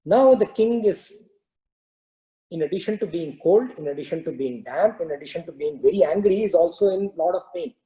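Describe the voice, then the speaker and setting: Man with a very dark, mellow voice. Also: high-pitched, fairly quick, poor audio. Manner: relaxed storytelling, frequent "you know" fillers. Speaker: spiritual discourse teacher. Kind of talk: storytelling in a spiritual talk.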